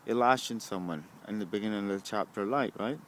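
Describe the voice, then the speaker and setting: A man's voice: fairly low pitch, fairly quick, fairly bright tone, a little hiss or hum. A young man, rambling to the camera at a bus stop, swearing often and asking "right?" a lot. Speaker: vlogger.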